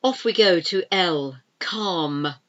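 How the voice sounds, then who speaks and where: A woman's voice: lowish voice, lively intonation, slow pace, lo-fi sound. A woman teaching an English pronunciation lesson, saying each word twice and spelling it out letter by letter. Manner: spells words out letter by letter and repeats them.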